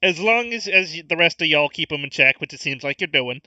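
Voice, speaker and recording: A man voicing a stern male townsman who sets firm terms, halting and repeating words. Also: fairly high pitch, animated, pushed and bright, distant mic, dull audio.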